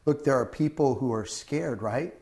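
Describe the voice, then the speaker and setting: A man's voice: mid-range voice, moderate pace, darkish tone. A man hosting a casual chat, rambling with frequent restarts and acting out what other people say. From Southern California. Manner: rambling, restarts often, acts out quoted people. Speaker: host.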